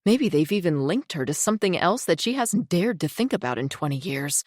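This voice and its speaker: Low-voiced woman narrating a thriller. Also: sing-song, darkish tone, dry recording, studio quality. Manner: tense, measured storytelling. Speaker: audiobook narrator.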